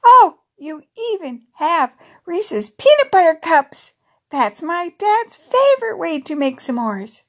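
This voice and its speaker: A woman doing a bubbly excited young girl. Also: high voice, slow pace, husky, pitched above the performer's own voice, exaggerated voice. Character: lively young girl explaining s'mores.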